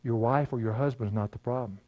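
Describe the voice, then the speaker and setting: An older man, preaching a sermon in a folksy storytelling way, laughing often and dropping to a hush. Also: medium pitch, steady tone, fast talker, no echo, lo-fi sound. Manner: folksy storytelling, laughing, swings from loud to hushed. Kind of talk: sermon with personal stories.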